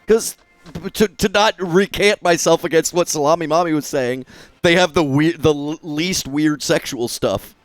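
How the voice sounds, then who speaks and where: A young man streaming a game, chatting casually in an animated, jokey way, swearing freely and breaking into sudden loud outbursts. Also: a little high, normal speed, no room sound.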